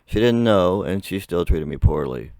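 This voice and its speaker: A young man with a very low voice that still cracks now and then tells a long, rambling story straight to camera. He chats casually and laughs often between his sentences. The sound is dry and close, with no room around it. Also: lively intonation, moderate pace, vocal fry, darkish tone, dry recording. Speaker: vlogger.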